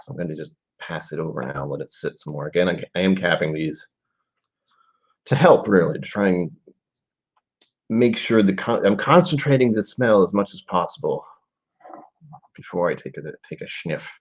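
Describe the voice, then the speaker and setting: A man in his forties with a low, husky voice chats casually on a live stream, thinking out loud and drifting into trailing asides. The stream audio is dull and lo-fi. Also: animated, moderate pace, long pauses. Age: 40s. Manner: musing aloud, rambling with trailing asides. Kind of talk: casual live-stream whiskey tasting chat.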